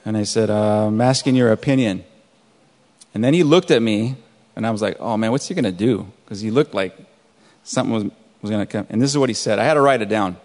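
A male pastor reading scripture and telling a story from his week in a relaxed, conversational sermon. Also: on the low side, a little fast. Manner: relaxed conversational preaching, chuckles at his own stories. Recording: long hall reverb.

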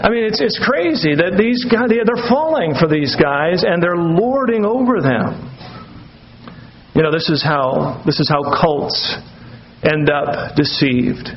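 A man's voice: a little high, lively intonation, slow, lo-fi sound, slight background noise. A man preaching an expository sermon as pastor, conversational, with wry, sarcastic asides.

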